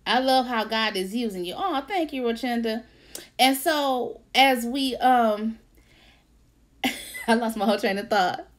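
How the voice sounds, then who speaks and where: A woman hosting a casual faith-based livestream, lively, laughing often and greeting viewers by name. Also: a little high, measured pace, pauses often. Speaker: author and livestream host.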